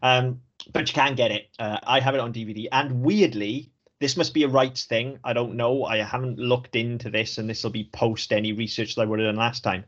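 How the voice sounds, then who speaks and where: A Welsh man in casual podcast chat, frank and sweary, laughing easily as he talks. His voice sits at an ordinary middle pitch. The recording is a little dull and lo-fi. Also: steady tone, brisk, a bit bright. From Wales. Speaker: podcast co-host. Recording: slightly dull lo-fi audio.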